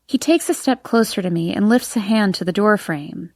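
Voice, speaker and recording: A woman narrates a first-person audiobook with an expressive, emotional delivery. Her voice sits at a middle pitch. The recording sounds dry and close, with no room around it. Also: normal speed, hardly any pauses, dry recording.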